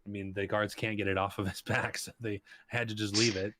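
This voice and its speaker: Low-voiced male game master, rambling narration, dry close mic. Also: level tone, brisk, sharp tone, no echo. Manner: rambling, lots of fillers.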